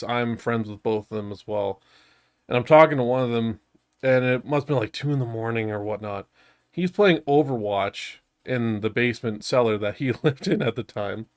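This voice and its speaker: A man's voice: mid-range voice, clean tone. Young guy on a gaming podcast, cracks up a lot, swears constantly, casual chat. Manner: laughing storyteller, swears a lot. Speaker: podcast co-host.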